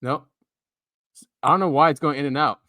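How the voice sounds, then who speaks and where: Podcast co-host, relaxed male, chuckly, dry close sound. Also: a little high, brisk, no room sound. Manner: laid-back, laughing often. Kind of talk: casual chat.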